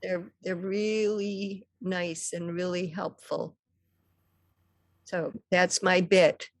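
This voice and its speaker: Slow-talking woman, dry sound. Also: fairly low pitch, level tone, dry recording. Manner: brief, informal remarks.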